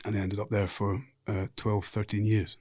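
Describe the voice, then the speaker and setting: Deep husky Scottish man. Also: flat delivery, normal speed, mellow, no room sound, clean studio sound. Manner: frank, rambling anecdotal storyteller. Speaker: podcast guest. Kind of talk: casual storytelling interview.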